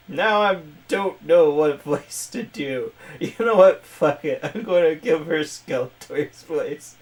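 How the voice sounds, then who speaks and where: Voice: medium pitch, expressive, slow, few pauses. Giggly rambling game streamer. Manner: giggly, rambling, self-mocking. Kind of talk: casual let's-play commentary. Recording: distant mic with music behind.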